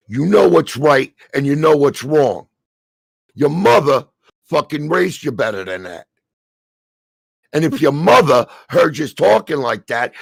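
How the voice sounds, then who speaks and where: A middle-aged man with a New Jersey accent, delivering a heated, profanity-filled rant on a stream, stammering and shouting as he goes. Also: on the high side, vocal fry, slightly rough, dry recording. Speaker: stream co-host. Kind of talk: angry ranting commentary.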